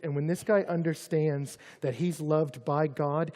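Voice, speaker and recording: A man preaching a sermon to students, dropping to soft, close asides and then rising to loud, shouted emphasis. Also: a little high, fairly even intonation, measured pace, in a large hall. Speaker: campus ministry pastor.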